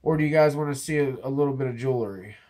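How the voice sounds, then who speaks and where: Rapid-fire and darkish in tone, a medium-pitched male voice belongs to a metal detecting vlogger who has a cold and keeps clearing his throat. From an indoor office, he shows off his finds casually, joking and rambling slightly.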